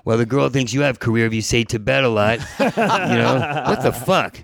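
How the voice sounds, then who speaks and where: A male comedian rambles through his stories, stuttering on his repeats and slipping into other characters' voices. His mid-range voice carries a gravelly fry. The sound is close and dry. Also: medium pitch, moderate pace, no echo. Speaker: comedian guest. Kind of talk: rambling comic storytelling.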